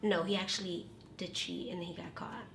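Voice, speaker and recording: A woman in her late twenties, a podcast guest telling stories in a casual chat, animated and slangy, cussing freely. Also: on the low side, moderate pace, vocal fry, slight background noise. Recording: roomy echo.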